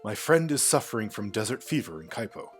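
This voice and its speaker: A man's voice: lowish voice, very animated, a little fast, soft background music. Man reading an earnest young knight hero.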